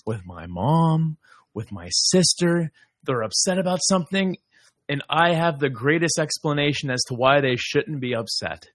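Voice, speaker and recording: A man co-hosting a podcast, chatting in a warm, self-deprecating way. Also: on the high side, expressive, normal speed, dry recording. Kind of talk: conversational podcast talk.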